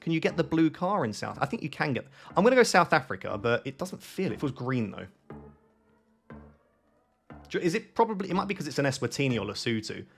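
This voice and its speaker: A man giving live gameplay commentary, thinking aloud in an excitable, self-questioning way. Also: a little high, brisk, vocal fry, faint music behind. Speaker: gaming YouTuber.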